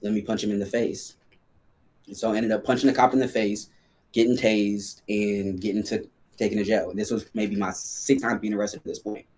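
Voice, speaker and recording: A man's voice: lowish voice, flat delivery, brisk, darkish tone. A man guesting on a podcast, telling a personal story in a casual, slangy way full of fillers.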